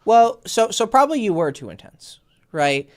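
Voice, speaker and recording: A man's voice: high voice, moderate pace. A man working as a dating coach, giving blunt, profane advice on a casual call. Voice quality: animated, swings between loud and soft, profane.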